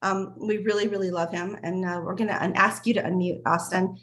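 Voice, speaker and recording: A woman's voice: on the low side, fairly even intonation, fairly quick, a bit bright. A woman hosting a casual group video call, gushing over members, laughing often and restarting her sentences.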